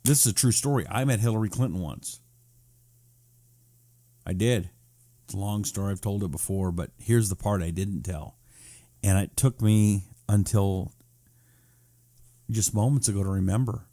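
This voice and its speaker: Animated sarcastic male talk show host. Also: on the low side, moderate pace, long pauses. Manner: animated and sarcastic, mocks viewers in a whiny voice. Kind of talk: live-streamed political talk show reading viewer comments.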